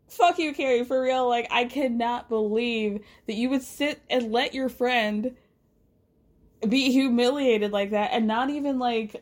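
A woman hosting a podcast, recapping a TV show in a casual, profane, animated way and laughing often. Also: a little high. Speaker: podcast host.

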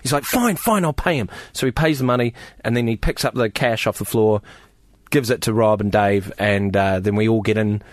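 A man's voice: fairly low pitch, brisk, no echo, studio quality. A man, a comedian, telling a story in casual chat and acting out the quotes. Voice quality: animated storyteller, acts out quotes.

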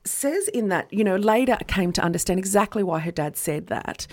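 A woman's voice: mid-range voice, lively intonation, brisk, a little mellow. A woman co-hosting a podcast, casually telling a history story and checking in with "okay" as she explains step by step. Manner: chatty, says "okay" a lot, explains step by step. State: rocking a baby while talking. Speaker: podcast co-host.

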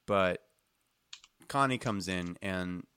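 A man running a tabletop game in a chatty, laid-back way, laughing between descriptions. His voice is bright and forceful and sits fairly low. The sound is dry and close. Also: slow pace, smooth, no echo. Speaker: game master.

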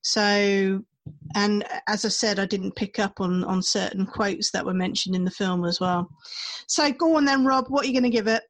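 A woman co-hosting a casual film review podcast, relaxed and easygoing. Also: mid-range voice, moderate pace, poor audio. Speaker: podcast co-host.

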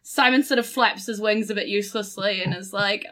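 Bright, giggly woman player. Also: medium pitch, fairly quick. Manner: giggly, casual. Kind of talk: tabletop game play.

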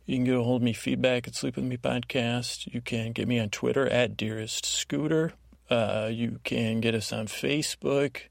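A man rambles through a slow bedtime monologue with a low, gravelly fry in his voice. He keeps a lulling, drowsy tone and trips over his own words with many restarts. The sound is close and dry, with no room around it. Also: fairly even intonation, no room sound. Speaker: podcast host.

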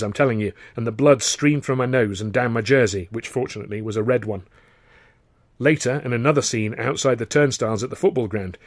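A man narrating his own novel in a wry, measured way. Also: medium pitch, dry recording. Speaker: author and narrator. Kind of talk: scripted audiobook narration.

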